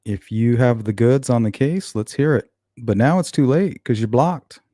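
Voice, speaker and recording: With a warm tone, medium pitch, and moderate pace, this true-crime channel host reads out comments on his livestream and replies with blunt sarcasm. The audio is studio quality, with no room sound.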